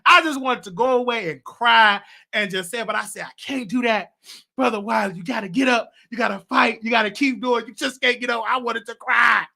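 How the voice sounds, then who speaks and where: A man's voice: very high-pitched, fairly quick, vocal fry, sharp tone. A man hosting his own livestream, venting in a casual monologue that is emphatic and repetitive, with a preacher-like way of talking. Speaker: show host.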